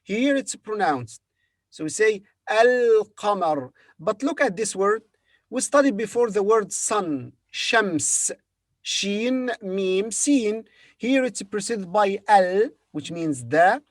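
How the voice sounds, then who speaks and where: A man's voice: sits high, expressive, takes it slowly, no room sound. A man teaching a beginner language lesson, spelling each word letter by letter and repeating it several times. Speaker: Arabic teacher.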